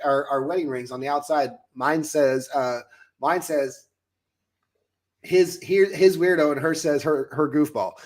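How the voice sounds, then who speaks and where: Late-thirties American man, coach and host, animated storyteller. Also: on the high side. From United States. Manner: animated, acts out his own past lines. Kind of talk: casual storytelling chat.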